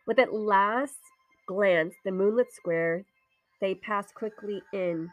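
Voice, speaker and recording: Dramatic hushed woman reading a ghost story. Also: mid-range voice, dry recording, lo-fi sound, faint music behind. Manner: hushed, drops into whispers, slows for suspense.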